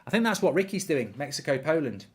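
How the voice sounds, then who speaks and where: A man's voice: fairly high pitch, very animated, fast talker, breathy edge. A man hosting a live football watchalong, chatting casually, reading out viewer comments and rambling with repeated words.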